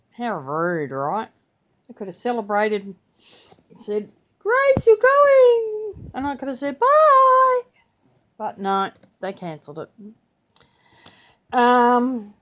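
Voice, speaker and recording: An older grandmother, chatting casually in her vlog, rambling and slipping into playful voices when she retells things. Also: mid-range voice. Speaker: vlogger. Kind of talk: casual chat.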